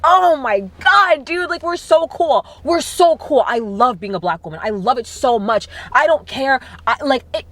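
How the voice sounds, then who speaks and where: A young woman chats straight into her camera, effusive and animated, piling on fillers and delighted exclamations. Her voice sits fairly high and comes through dry and close, with almost no room sound. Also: normal speed, few pauses, no echo. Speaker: vlogger. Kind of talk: casual chat to camera. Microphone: camera mic.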